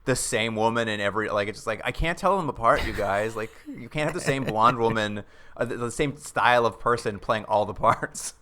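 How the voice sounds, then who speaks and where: A man's voice: lowish voice, fairly quick, pushed and bright. A man casually recapping a TV episode with a co-host, rambling and joking, acting out quotes in playful voices. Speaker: podcast co-host.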